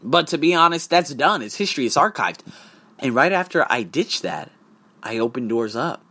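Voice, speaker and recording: A man's voice: medium pitch, sing-song, moderate pace, bright, forceful tone. A man coaching for English tests, talking in a casual vlog monologue, profane and emphatic as he tells his story.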